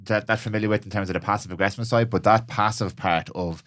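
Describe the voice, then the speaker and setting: A man hosting a podcast, speaking casually and thoughtfully, pausing to find his words. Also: lowish voice, steady tone, a bit bright. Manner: thoughtful, searching for words with restarts. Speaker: podcast host. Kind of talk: casual chat.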